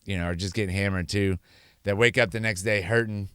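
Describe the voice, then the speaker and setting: A middle-aged man speaks in a low, smooth voice, close and dry with no room sound. He talks candidly and earnestly, rambling and restarting sentences and slipping into little acted-out quotes. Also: steady tone, a little fast, a bit bright, no room sound. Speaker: podcast host sharing his sobriety story. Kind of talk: candid personal monologue.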